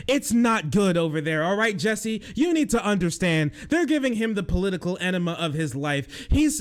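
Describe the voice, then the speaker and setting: A young man streaming his reaction to news clips, mocking them loudly and crudely with bursts of laughter. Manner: loud, mocking and crude, with frequent laughter and sudden high-pitched outbursts. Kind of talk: livestream reaction commentary.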